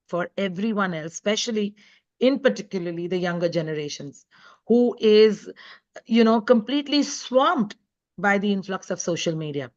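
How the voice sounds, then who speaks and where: A woman's voice: mid-range voice, lo-fi sound. A woman guest speaker and author giving an earnest, emphatic talk on an online panel. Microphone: video call.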